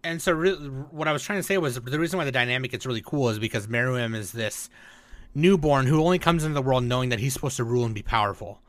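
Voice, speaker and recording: A man's voice: medium pitch, quick pace, dry recording. A man co-hosting a podcast in casual chat, animatedly retelling scenes and acting out lines, swearing often. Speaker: podcast co-host.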